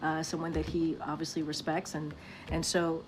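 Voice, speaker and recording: A woman press secretary answering questions at a briefing, measured and halting with many fillers. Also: low voice, level tone, music in the background. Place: briefing room.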